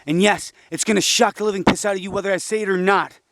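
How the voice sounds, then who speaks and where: A young man rambles in an agitated, profane monologue, preaching at his listeners one moment and muttering in low frustration the next. His voice sits fairly high for a man. The sound is dry and close, with no room around it. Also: steady tone, quick pace, a bit bright, no room sound. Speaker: vlogger.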